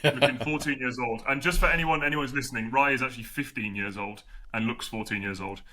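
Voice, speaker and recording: A man with a bright, forceful voice hosts a casual podcast chat. He jokes and laughs easily as he keeps things moving. He is heard over a video call. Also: medium pitch, quick pace. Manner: chatty, laughing, jokey. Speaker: podcast host.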